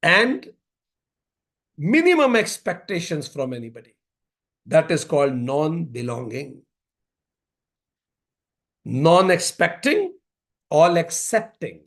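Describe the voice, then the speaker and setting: A man giving a spiritual yoga talk at a symposium, telling stories and repeating key phrases deliberately. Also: fairly high pitch, very animated. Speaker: yoga speaker.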